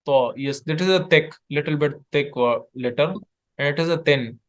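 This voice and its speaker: A man teaching letters in an online lesson, patiently repeating sounds in halting English. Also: on the high side. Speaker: Arabic tutor. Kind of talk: one-on-one online language lesson.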